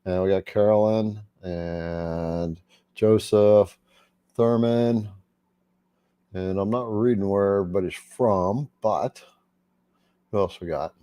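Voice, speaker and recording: A man's voice: fairly low pitch, steady tone, takes it slowly, long pauses, mellow, clear, resonant tone, no echo. A man hosting a casual livestream, chatting and greeting viewers by name. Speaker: livestream host.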